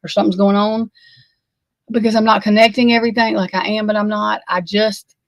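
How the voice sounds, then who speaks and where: A woman giving shaken, emotional true crime commentary, halting and stammering, swearing, close to tears. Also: mid-range voice, flat delivery, no room sound, low-quality recording.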